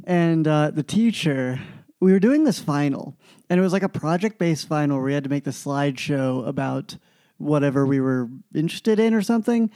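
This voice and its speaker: A young man co-hosting a casual podcast, telling school stories in an animated way and acting out the people he quotes. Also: a little high, normal speed, clear, resonant tone, dry recording. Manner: animated storyteller, acts out quoted voices. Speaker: podcast co-host. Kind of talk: casual chat.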